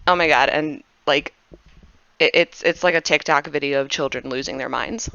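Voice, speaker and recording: A woman narrating as game master of a tabletop game, animated and chatty. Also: sits low, gravelly, no echo, dull audio. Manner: animated, chatty, quick to laugh.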